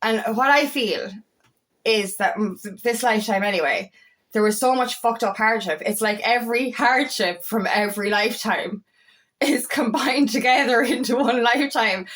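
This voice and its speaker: A young woman, a coach talking excitedly and rambling, swearing freely as she speaks to camera. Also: on the high side, moderate pace. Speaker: empowerment coach. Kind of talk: casual talking-to-camera monologue.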